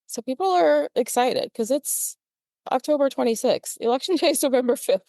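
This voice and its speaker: A woman co-hosting a podcast in casual chat, speaking in a measured, gently teasing way. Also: high-pitched, no room sound, clean studio sound. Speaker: podcast co-host.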